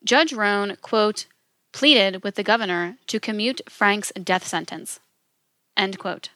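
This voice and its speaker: Woman reading off a script, steady and matter-of-fact, bright sharp voice, super dry close sound. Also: medium pitch, no room sound. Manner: measured, flat reading of quotes and rebuttals. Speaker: narrator. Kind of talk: scripted narration.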